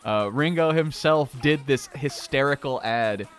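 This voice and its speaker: A man's voice: medium pitch, measured pace. A man streaming a video game in a casual, rambling way, swearing often and laughing a lot. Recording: faint game music behind.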